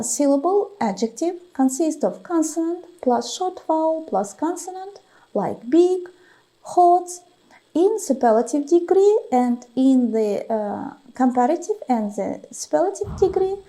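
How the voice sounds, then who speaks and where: Woman teacher, slow careful english lesson, high lively voice, dark gravelly tone. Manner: slow, deliberate, stretches example words, frequent "uh" pauses. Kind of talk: classroom lesson, dictating vocabulary and explaining grammar.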